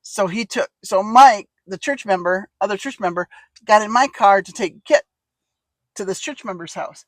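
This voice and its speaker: A woman telling a personal story in a casual, lively way, acting out the dialogue and laughing often. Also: medium pitch, moderate pace, no echo.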